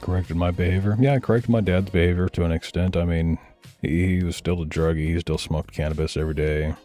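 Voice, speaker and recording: A man with a low, steady voice talks fast as he reacts to videos in a casual rant. His commentary is blunt, profane and heated, with faint music in the background.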